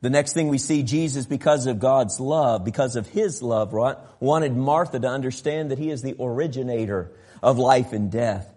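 A man preaching a sermon, swinging from loud emphatic passages to quiet soft ones and acting out the voices of Bible figures. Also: medium pitch, moderate pace, few pauses. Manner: acts out biblical voices in an exaggerated tone. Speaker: pastor.

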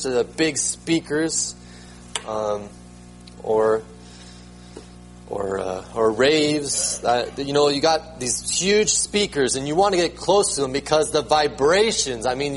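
A man's voice: a little high, low-quality recording. A man preaching a sermon as pastor, emphatic, repeating words and rising sharply when he proclaims them.

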